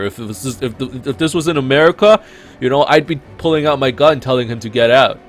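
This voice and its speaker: A man's voice: medium pitch, quick pace, faint music behind. A young Canadian man chatting casually while playing a video game, rambling and often restarting his sentences. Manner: rambling, self-interrupting, animated. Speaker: let's play host. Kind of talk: casual gameplay commentary.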